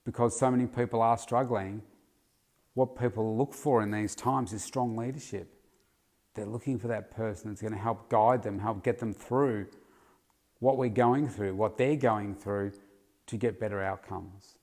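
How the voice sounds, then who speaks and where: A middle-aged man with a fairly low voice talks through a solo podcast episode. He speaks loosely and conversationally, circling back with fillers and false starts as he works through his thoughts. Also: fairly even intonation, moderate pace, darkish tone. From Australia. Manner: casual and rambling, with frequent fillers and restarts. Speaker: podcast host, health coach.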